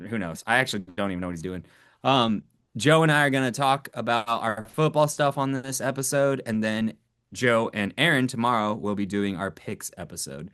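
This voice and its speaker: A man's voice: mid-range voice, moderate pace, fairly bright tone, clean tone. Laid-back swearing man on a sports podcast. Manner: laid-back, swears casually, laughs often. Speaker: podcast co-host. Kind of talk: casual sports podcast chat.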